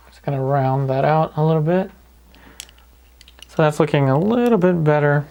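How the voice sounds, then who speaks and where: A man calmly talking through each step of a painting lesson in an easygoing way. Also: a little high, normal speed, vocal fry. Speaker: painting instructor. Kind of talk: paint-along tutorial narration.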